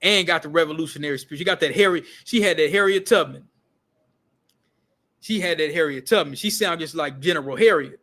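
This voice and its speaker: A man vlogging in animated, casual storytelling style, emphatic and slangy, often repeating himself and swearing. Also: fairly high pitch, fairly quick. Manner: emphatic, profane, repetitive, slangy.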